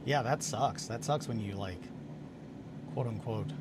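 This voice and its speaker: A man's voice: on the low side, measured pace, very noisy. A tired man hosting a casual hobby livestream from his home workshop, telling a story in a rambling way with restarts and fillers. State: tired, just woken up.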